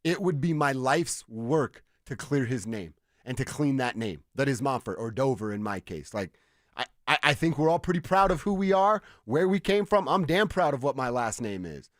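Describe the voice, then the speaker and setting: A man from Colorado co-hosting a sports talk radio show, passionate and quick, often stammering into restarts at a studio microphone. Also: medium pitch, sing-song, no room sound. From Northglenn, Colorado.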